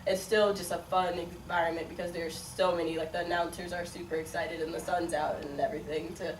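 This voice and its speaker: Young woman sprinter chatting away, kinda low voice, faint hiss behind. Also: level tone, brisk. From Chicago, raised partly in Las Vegas. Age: 20s. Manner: chatty, many likes and ums, laughs often. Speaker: college sprinter, interview guest. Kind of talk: casual interview answers. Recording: echoey room, mic at a distance, faint noise.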